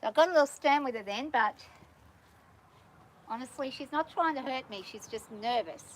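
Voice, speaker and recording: High-voiced woman training a horse. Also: moderate pace. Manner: calm and patient, coaxing the horse in a soft praising voice; explains steps plainly to viewers while working. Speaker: horse handler on a farm. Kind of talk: hands-on training commentary. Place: outdoors on a farm.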